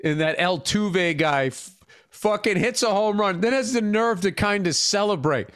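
Podcast host, male, high-pitched, crude and ribbing, dead-dry recording. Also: normal speed, no room sound. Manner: profane, ribbing, animated storytelling. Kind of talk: casual sports chat.

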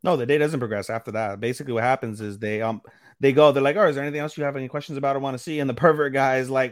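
A man's voice: mid-range voice, fairly even intonation, rapid-fire, dry recording, studio quality. A man co-hosting a casual anime podcast, retelling episodes with swearing and acting out characters' lines. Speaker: podcast co-host. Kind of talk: casual anime recap chat.

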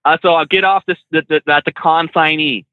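A man who trains truck drivers, a podcast guest telling animated road stories with frequent laughs and restarts. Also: on the high side, brisk, dry recording, narrow, tinny audio. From California. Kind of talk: casual storytelling.

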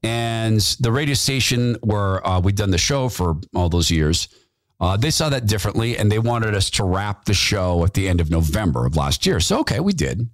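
A man's voice: on the low side, sing-song, normal speed. A man hosting a talk podcast, delivering an impassioned opinion monologue and repeating phrases for emphasis. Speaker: podcast host, former radio host.

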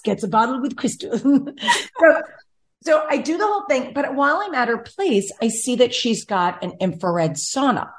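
A young adult woman hosting a casual chat, telling a rambling story and acting out what others said. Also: on the high side. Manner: chatty rambling storyteller, acts out quotes. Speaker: podcast host.

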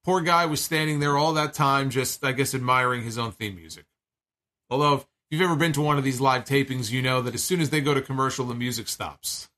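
A man's voice: mid-range voice, quick pace, bright, forceful tone. A man giving a chatty, digressive recap of a wrestling show, speaking casually and acting out the lines he quotes.

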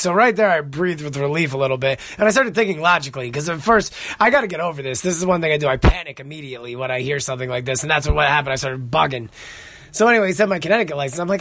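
A young man hosting a podcast, telling stories in a casual, excitable, profane way. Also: fairly high pitch, no echo. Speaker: podcast host. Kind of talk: casual monologue.

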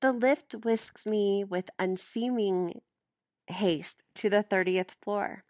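A woman's voice: mid-range voice, takes it slowly, a little mellow, dry recording, clean studio sound. A woman reading a first-person novel aloud as an audiobook, giving the dialogue light voicing. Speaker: audiobook reader.

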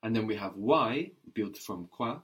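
A man's voice: fairly low pitch, lively intonation, unhurried. A man teaching a language lesson, patiently repeating and modelling words.

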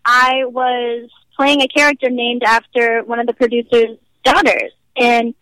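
Speaking a little slowly with a flat delivery, a young guest actress from Nashville in the American South uses a highish, bright, forceful voice. She's bubbly and giggly in this casual interview, leaning heavily on "like," captured on a rough, echo-free recording.

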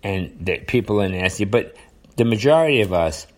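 A man's voice: fairly low pitch, lively intonation, moderate pace. An older man with a New York accent talking casually to his viewers in a rambling, repetitive way, full of fillers and restarts. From United States. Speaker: vlogger. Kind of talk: casual monologue to camera.

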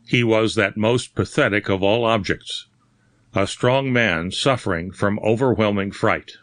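A man narrating a horror story in a measured, dramatic reading. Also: on the low side, a bit bright, dry recording, studio quality. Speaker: audiobook narrator. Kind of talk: scripted narration.

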